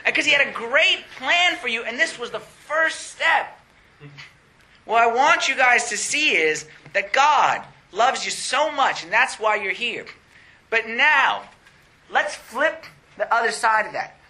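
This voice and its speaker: Young male preacher, high and very bright voice, animated and laughing often. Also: unhurried. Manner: animated, laughing often, rising to excited pitch. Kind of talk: sermon.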